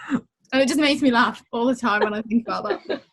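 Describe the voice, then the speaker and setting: A woman's voice: fairly high pitch, fairly quick, fairly bright tone. A young woman, a youth leader, chatting casually and earnestly, with frequent fillers as she explains. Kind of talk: casual chat.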